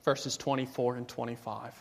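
Pastor guy preaching, soft then loud and fervent, church reverb. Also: mid-range voice, flat delivery, moderate pace, creaky. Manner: builds from hushed to loud fervent exhortation. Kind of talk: sermon. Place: church sanctuary. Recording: long hall reverb.

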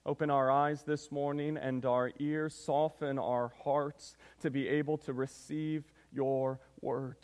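A man's voice: mid-range voice, level tone, takes it slowly, hardly any pauses, a little mellow, smooth. A man preaching a sermon as pastor, reading scripture and praying, with an emphatic delivery that often calls the listeners church. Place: church sanctuary. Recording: long reverb of a church hall.

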